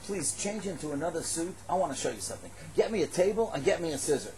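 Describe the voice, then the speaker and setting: A man voicing a skilled tailor in a told story, speaking in a calm, reassuring way. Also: a little high, fast, a little hiss or hum, natural voice.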